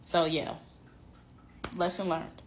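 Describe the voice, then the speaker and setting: A woman with a fairly low voice closes out a story to camera. She sounds casual and blunt, and she swears freely. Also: flat delivery, slow pace, slight background noise.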